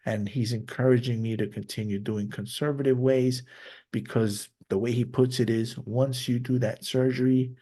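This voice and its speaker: A man hosting a podcast, speaking openly and reflectively in a personal monologue, sometimes halting and restarting his sentences. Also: medium pitch, fairly even intonation, mellow. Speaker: podcast host.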